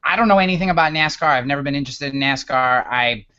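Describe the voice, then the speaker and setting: A man in his thirties from upstate New York, telling a story as a guest in a casual interview, animated and often restarting his words. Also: mid-range voice, quick pace, smooth, muffled recording. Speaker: guest author.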